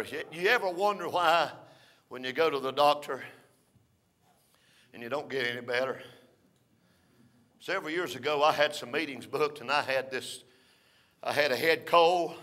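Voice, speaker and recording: An older man preaching a folksy storytelling sermon, rising to shouts between drawn-out "uh" phrases. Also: mid-range voice.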